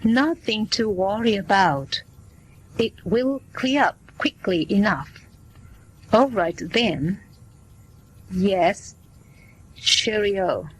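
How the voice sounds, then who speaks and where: Very slow, breathy woman reading lessons. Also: mid-range voice, lively intonation, low-quality recording. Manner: reads every part of short scripted everyday dialogues in turn. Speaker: English listening lesson reader. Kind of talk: scripted dialogue reading for learners.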